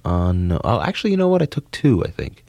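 Gravelly-voiced rambling comedian man. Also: deep voice, quick pace, dry recording. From New Jersey. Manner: rambling, excitable, lots of laughs and restarts. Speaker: comedian guest. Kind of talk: casual interview chat.

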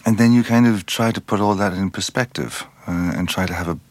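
An Irish-born actor being interviewed, speaking thoughtfully and unhurriedly, often restarting and trailing off mid-phrase. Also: male voice, deep voice, brisk. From Ireland. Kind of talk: reflective interview conversation.

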